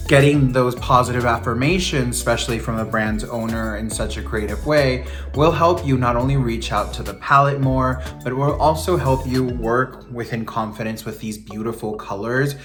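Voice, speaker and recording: A young man hosting a beauty review vlog, sassy and animated, throwing in campy slang and playful swoops. His voice sits at a middle pitch, with music playing faintly underneath. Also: moderate pace. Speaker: beauty vlogger.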